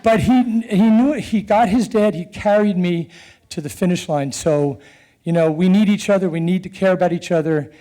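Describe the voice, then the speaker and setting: Warm, mellow and high in pitch, a middle-aged man's voice recounts a personal story with earnest animation. Chuckles and halting restarts punctuate his telling.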